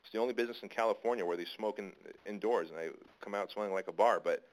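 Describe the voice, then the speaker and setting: Rambling, low-voiced male storyteller. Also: racing, low-quality recording. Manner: rambling with frequent restarts. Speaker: interview guest. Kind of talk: casual storytelling.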